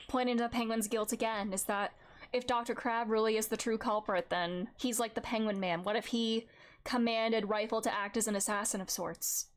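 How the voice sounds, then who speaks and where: A woman streamer rambling and joking through casual gameplay commentary, laughing often, her voice sounding tired and strained. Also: a little high. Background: game music.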